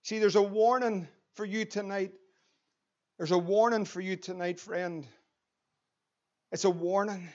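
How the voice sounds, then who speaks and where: A Northern Irish man preaches with urgency and a high, ringing voice. He sinks to near-whispers and then swells to forceful emphasis. The recording is muffled and lo-fi. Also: steady tone, measured pace, pauses often. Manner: impassioned, swinging between hushed and loud emphasis. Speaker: pastor. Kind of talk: evangelistic sermon. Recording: dull lo-fi church recording.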